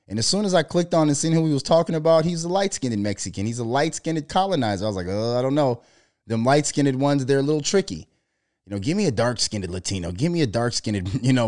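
A man talking in a loose, profane monologue, telling animated stories and putting on mocking voices as he quotes people. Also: mid-range voice. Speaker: podcast co-host. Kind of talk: casual monologue.

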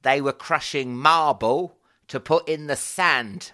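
A man's voice: a little high, slow pace, pushed and bright. A British man hosting a podcast, telling stories in a wry, conversational way. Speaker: podcast host. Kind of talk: casual chat.

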